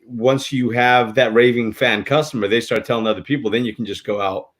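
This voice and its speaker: A man's voice: medium pitch, fairly even intonation, fairly quick. A man hosting a casual interview show, affirming and summing up his guest's points. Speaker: show host.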